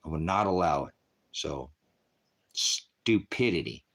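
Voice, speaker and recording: On a live stream, a man angrily rants and scolds his viewers, calling them brothers and sisters as he preaches at them with heavy profanity. His bass voice is slow and creaky, a bit bright, with lively intonation, and his tone is heated throughout.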